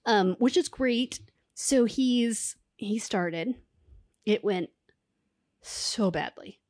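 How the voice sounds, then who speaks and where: A woman in her thirties co-hosting a podcast, telling a lively story in casual chat and acting out what people said. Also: a little high, very slow, no room sound, studio quality. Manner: animated storyteller, acts out quotes. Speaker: podcast co-host.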